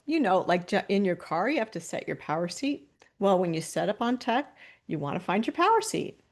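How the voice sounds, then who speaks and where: A woman presenting a webinar over a video call, calmly guiding listeners through posture and breathing cues with light laughs between instructions. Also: medium pitch, a little fast. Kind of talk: guided body-awareness instruction.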